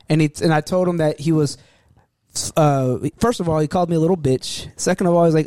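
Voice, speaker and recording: A young man tells a story in a high voice, laughing as he goes and acting out every quoted line. He swears freely. The sound is close and dry. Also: fast, dark tone, dry recording. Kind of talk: casual storytelling.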